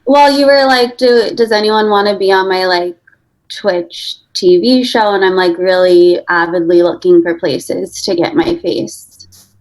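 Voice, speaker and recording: A woman's voice: fairly low pitch, lightly acted, poor audio. An actor playing an eager young woman guest who drawls and fills her talk with 'like'. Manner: slow, filler-heavy, valley-style 'like' talk.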